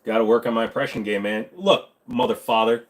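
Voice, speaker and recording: A man with a stuffy, congested voice hosting a casual livestream Q&A, joking and rambling with quick asides. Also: medium pitch, fairly even intonation, low-quality recording. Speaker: streamer hosting a Q&A.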